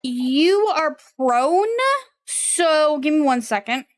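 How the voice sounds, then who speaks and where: High-voiced woman game master. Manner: relaxed, chatty, quick to laugh. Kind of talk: running a tabletop game online.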